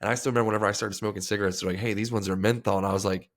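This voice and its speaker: A man's voice: on the low side, steady tone, racing. A podcast host in casual banter, crude and jokey, acting out the voices in his anecdotes.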